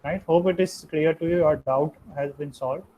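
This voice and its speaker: A man's voice: fairly high pitch, fairly even intonation, moderate pace, mellow, slight background noise, poor audio. A young man giving a live online programming lesson, explaining step by step and ending many sentences with "right?". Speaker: programming instructor.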